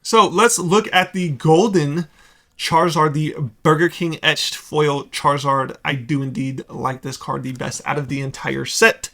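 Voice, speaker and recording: A young man with a slightly high, creaky, fairly bright voice and fairly even intonation hosts a card-collecting video. He gives blunt, sarcastic market commentary in a casual, opinionated way, full of rapid asides.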